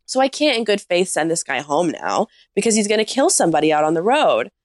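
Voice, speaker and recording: Woman, podcast guest, lowish voice, casual comic storytelling, animated, dry close sound. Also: fast talker, dry recording. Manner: animated anecdote-teller, heavy use of "like".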